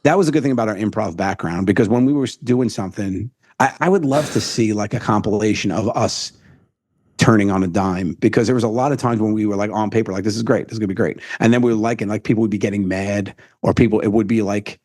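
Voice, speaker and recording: Man, middle-aged, husky, low-pitched, fast talker, animated storyteller, dry close sound. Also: dry recording. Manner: fast, animated storyteller who acts out quotes. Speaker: comedian guest. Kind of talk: casual interview storytelling.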